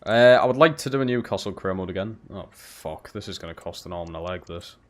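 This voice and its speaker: A man's voice: deep voice, expressive, fast talker. A young man live-streaming a football game, swearing freely and chatting back to his viewers. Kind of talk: casual live-stream chat while gaming.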